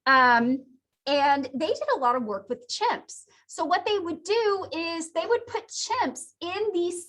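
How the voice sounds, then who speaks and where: A woman's voice: sits high, fairly bright tone. A woman teaching a psychology class, giving a chatty lecture with jokey asides. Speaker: psychology instructor.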